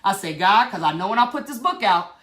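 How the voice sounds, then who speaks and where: A woman's voice: medium pitch, lively intonation, fast talker, fairly bright tone. A middle-aged woman, giving an impassioned motivational talk straight to her viewers. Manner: fired-up preachy, talks straight to viewers. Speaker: vlogger.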